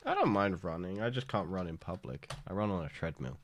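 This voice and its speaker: A man's voice: low voice, lively intonation, brisk, dry recording. A young man co-hosting a podcast in a casual chat, teasing and laughing often. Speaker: podcast co-host.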